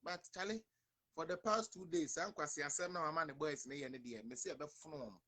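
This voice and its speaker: A man's voice: fairly high pitch, quick pace, bright, forceful tone. Emphatic Ghanaian man ranting on a livestream. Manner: emphatic, repetitive, addresses viewers directly. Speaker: online show host. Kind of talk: livestream rant mixing English and Twi.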